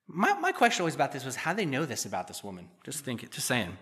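A middle-aged pastor preaches with a medium-pitched, fairly bright voice whose pitch swoops wildly, moving quickly with few pauses. He reads scripture and then explains it casually, breaking up the verses with humorous remarks.

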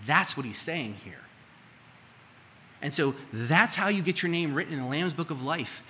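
A man's voice: on the high side, lively intonation, normal speed, bright, forceful tone. A man preaching a sermon as a pastor, talking casually and putting questions to his congregation. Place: church sanctuary. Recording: live church hall reverb, faint room noise.

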